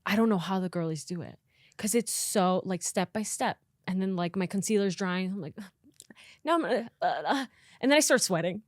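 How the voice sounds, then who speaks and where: A young woman guesting on a podcast in casual chat, upbeat and encouraging, agreeing with many quick "yeah"s. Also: mid-range voice, lively intonation, dry recording, studio quality.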